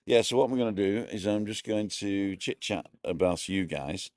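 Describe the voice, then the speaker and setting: A man's voice: on the low side, moderate pace, a little mellow, no room sound, clean studio sound. A middle-aged man casually chatting on a live stream from a bar, greeting viewers by name and wearing earphones.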